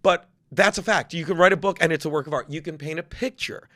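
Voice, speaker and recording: A man in his fifties, a comedian guest on a podcast, talking loudly and emphatically with heavy swearing. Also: fairly high pitch, fast, no echo, studio quality. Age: 50s. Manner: loud, profane, emphatic ranting. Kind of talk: podcast conversation.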